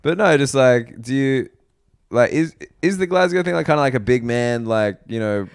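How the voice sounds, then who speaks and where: A man's voice: mid-range voice, lively intonation, moderate pace, clear, resonant tone, dry recording, studio quality. An Australian man hosting a podcast, chatting and joking loosely with lots of fillers. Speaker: podcast host. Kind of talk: casual podcast interview.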